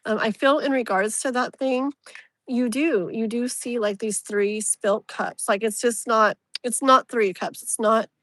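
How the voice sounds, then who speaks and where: Speaking in a steady tone and a little slowly, a woman gives a tarot reading on a live stream, her voice a touch high. She chats in a loose, rambling way full of "like" and "you know," gently comforting the viewer with pet names. Close, dry sound, no echo.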